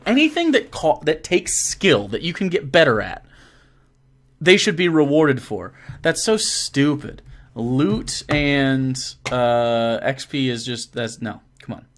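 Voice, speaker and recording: A man answering viewer questions as a dungeon master in a casual chat, rambling and animated, swearing freely and trailing off with fillers. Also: mid-range voice. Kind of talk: casual livestream Q&A.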